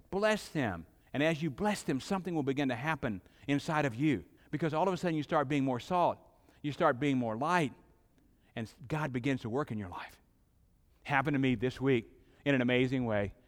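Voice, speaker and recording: A middle-aged man preaching a sermon as pastor, emphatic, with dramatic pauses and swelling intensity, in a church sanctuary. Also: mid-range voice, lively intonation. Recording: long hall reverb.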